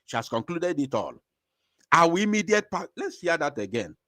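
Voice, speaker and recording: A man's voice: a little high, very animated, moderate pace, bright, forceful tone, no echo, clean studio sound. A man with an Igbo-accented Nigerian English voice giving impassioned commentary as a show host, angry and repeating phrases for emphasis.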